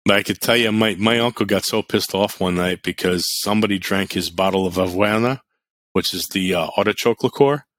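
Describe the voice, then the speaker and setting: A man's voice: low-pitched, fairly quick. A middle-aged man chatting on a podcast, telling blunt, profane stories with lots of energy. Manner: animated storyteller, blunt and profane. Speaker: podcast co-host. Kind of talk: casual podcast chat.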